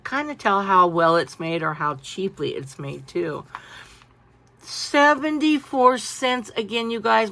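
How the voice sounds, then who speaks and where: A woman chatting casually through a craft-supply haul, animated and full of asides. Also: mid-range voice, slight background noise. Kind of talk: casual show-and-tell haul.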